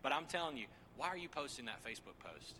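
Casual male preacher, 30s, mid-pitched, very bright, playful asides to the congregation. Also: quick pace, a little hiss or hum. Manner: joking, lively asides to the congregation. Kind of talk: sermon.

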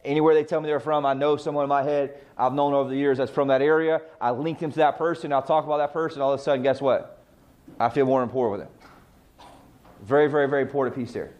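A man's voice: medium pitch, fairly even intonation, fast talker, darkish tone. A man coaching real estate agents on client communication, emphatic and full of rhetorical questions he answers himself. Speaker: sales trainer.

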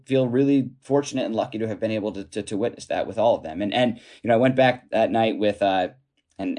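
A man of ordinary pitch tells stories as an interview guest. He talks in a halting way, restarting his sentences and stacking up fillers, and chuckles as he goes. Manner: animated, chuckling while telling anecdotes. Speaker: author and guest. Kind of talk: storytelling interview answer.

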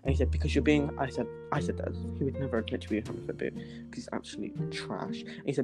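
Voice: medium pitch, fast talker. Young podcaster ranting over music. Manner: animated, sarcastic, swears a lot. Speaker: podcast host. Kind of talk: ranting storytelling. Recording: music playing behind the voice.

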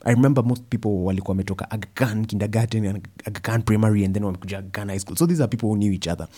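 Young man, Kenyan accent, animated storytelling talk, low voice, husky, mellow. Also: rapid-fire. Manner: animated storytelling, mixing in Swahili phrases. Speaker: speaker.

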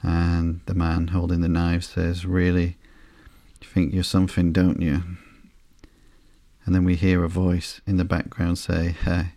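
A man with a very low, gravelly voice hosts a sleepy podcast, walking through a comic slowly with plenty of ums and uhs. His delivery stays almost flat, with very little rise and fall. The sound is close and dry. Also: dry recording. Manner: slow, flat and unhurried, with frequent ums and uhs. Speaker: podcast host.

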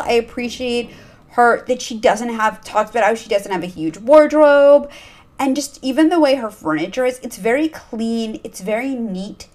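A somewhat high-voiced woman hosting her own podcast. She chats in a loose, candid way, full of fillers and quick asides. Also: darkish tone. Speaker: podcast host. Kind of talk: casual chat. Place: lives in Los Angeles.

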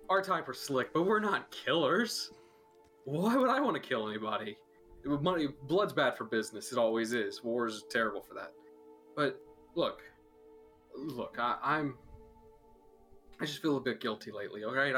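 A man's voice: mid-range voice, a bit bright, natural voice. A man voicing an evasive male merchant in a tabletop game, hesitant and full of rambling excuses.

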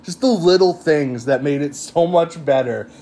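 An interviewer speaking in a relaxed, appreciative way during a casual chat. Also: medium pitch, normal speed.

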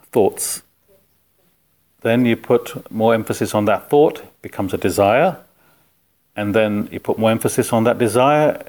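A man with a lowish voice leads a relaxed philosophy class. He talks conversationally and keeps putting questions to his students. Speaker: spiritual teacher. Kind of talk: informal philosophy class talk.

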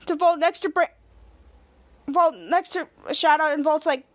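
A woman hosting a podcast, retelling a TV episode in a rambling way with many halting restarts, and acting out the characters' lines in animated voices. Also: high-pitched. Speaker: podcast host. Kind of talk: casual episode recap.

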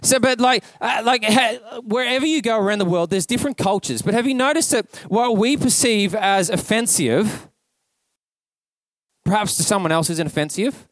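Australian male pastor, high voice, dry close sound, chatty storyteller. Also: normal speed, no echo. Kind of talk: casual conversational sermon. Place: church.

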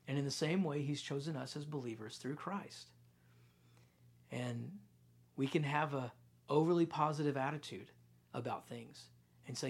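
Husky-voiced man preaching conversationally. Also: a little high, normal speed, pauses often. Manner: conversational preaching, storytelling, quiet intense stretches. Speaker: pastor. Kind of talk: sermon.

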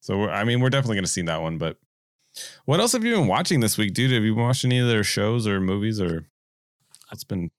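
A man's voice: fairly low pitch, very animated, fast talker, no room sound, studio quality. A man co-hosting a podcast, chatting casually in an easygoing way with fillers. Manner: easygoing, fillers, says dude. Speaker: podcast co-host. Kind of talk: casual chat.

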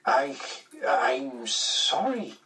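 A man voicing a timid, apologetic male professor in an audiobook, speaking slowly and hesitantly. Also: medium pitch, big pitch swings, pushed and bright, far from the mic, heavily acted.

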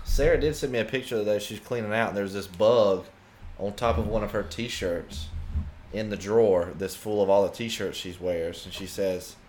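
A man's voice: fairly low pitch, moderate pace, darkish tone, slight background noise. A man co-hosting a podcast in casual chat, reacting with short quips. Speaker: podcast co-host.

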